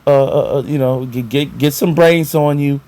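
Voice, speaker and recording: A man chatting casually about basketball as a vlogger, animated and excitable, with lots of fillers and repeated words. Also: on the high side, normal speed, dry recording. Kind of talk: casual sports talk.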